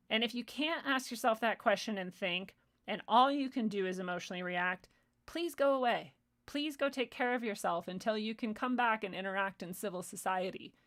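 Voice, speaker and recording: A woman's voice: mid-range voice, fairly bright tone. Woman in a heated, profane rant. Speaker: stream host. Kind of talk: unscripted ranting monologue.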